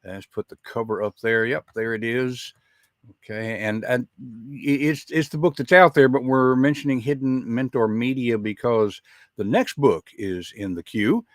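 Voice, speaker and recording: A Southern American man opens his live show in a relaxed, folksy way, with a mid-range voice. His talk is full of small fillers and asides. The sound is dry, with no room echo. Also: mid-range voice, unhurried. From Southern United States. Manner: chatty, folksy, with frequent uh fillers. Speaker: podcast host.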